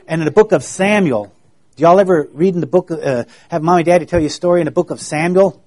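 A man giving a children's sermon, in a gentle, folksy way that keeps asking the children questions. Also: a little high.

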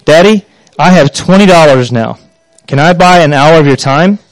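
A man's voice: on the high side, normal speed, no room sound, voice pushed up, close to an everyday voice. A man doing a pleading little boy. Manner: pleading, earnest. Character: pleading little five-year-old boy.

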